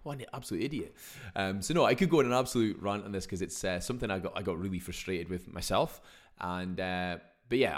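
Man, young, podcast host, chatty rambling delivery with exclamations, quick pace. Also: low-pitched. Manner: chatty, exclaims often, mild swearing. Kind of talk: casual solo podcast talk.

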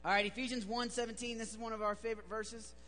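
A man's voice: sits high, flat delivery, quick pace, over loud music. A man preaching a sermon, telling a story in a chatty, joking way with many fillers. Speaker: pastor. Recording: reverberant hall, faint hum.

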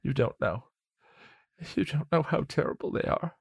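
Frightened stammering young man, high and shaky, read by a man, in a storybook. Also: animated, moderate pace, vocal fry, husky, dry recording, clean studio sound, exaggerated voice. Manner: stammering, fearful pleading.

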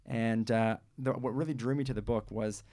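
A man co-hosting a community radio show about children's books. His voice has a gravelly, creaky texture. He talks loosely and hesitantly, full of ums and restarts. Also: mid-range voice, steady tone, normal speed, darkish tone. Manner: hesitant, many fillers and restarts. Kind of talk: casual chat and reading aloud.

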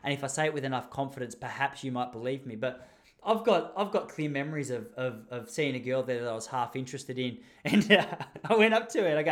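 A man's voice: medium pitch, quick pace. Rambling, jokey Australian man. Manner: rambling, jokey, animated storytelling with laughs. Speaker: podcast host. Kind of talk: casual chat.

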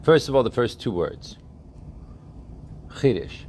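A man's voice: mid-range voice, lively intonation, slow pace, darkish tone, slight background noise. A man teaching a religious text class, often asking his students questions and checking that they follow.

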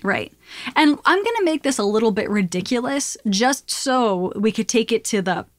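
A woman with a fairly high voice that swings up and down a lot talks through advice on a casual podcast. She is playful and animated and swears freely. The sound is close and dry. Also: moderate pace, dry recording.

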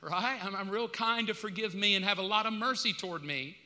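A man's voice: sits high, fairly quick, sharp tone. A man from the United States preaching a sermon as pastor, in a casual, colloquial way with slang asides. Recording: long reverb of a large hall.

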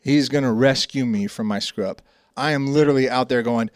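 A man talking as a guest on a casual faith talk show, quick and self-deprecating. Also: medium pitch, slight background noise.

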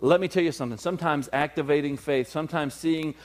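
A man preaching a sermon with fervor, moving from quiet low passages to loud, raised ones and acting out everyday scenes. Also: fast talker. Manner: acts out everyday scenes in small voices. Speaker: pastor.

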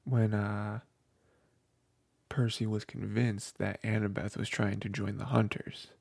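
A man's voice: lowish voice, little pitch movement, a little slow, creaky, darkish tone, dry recording. A man co-hosting a book podcast, talking casually and rambling with lots of fillers. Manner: rambling, filler-heavy, with many "you know" and "like".

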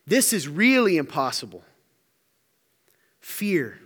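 Animated preacher in a reverberant hall. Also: male voice, a little high, moderate pace. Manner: animated storytelling, acts out quotes. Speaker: pastor. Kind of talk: sermon.

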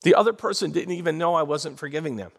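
Man, pastor, sermon, gravelly, husky, slightly high voice, call-and-response. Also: fast talker. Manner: animated, call-and-response with congregation. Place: church sanctuary.

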